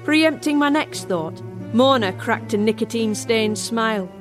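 A woman's voice: fairly high pitch, animated, measured pace. A woman narrating a first-person horror tale as a barmaid in an audio drama. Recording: music score underneath.

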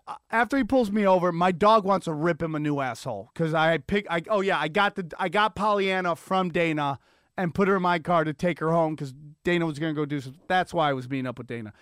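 A man's voice: fairly high pitch, a little fast, fairly bright tone, no echo, clean studio sound. A man hosting a podcast, telling a long profane story with lots of energy, acting out sirens and the voices of people he quotes. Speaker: podcast host. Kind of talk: animated solo storytelling rant. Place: Los Angeles area.

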